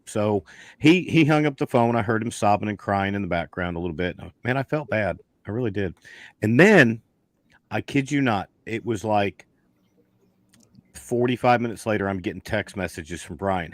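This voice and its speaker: Guest beekeeper, low dry voice, folksy and rambling, lots of restarts. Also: male voice, animated, normal speed, dry recording. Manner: rambling storyteller with many restarts. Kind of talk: casual chat on a video call.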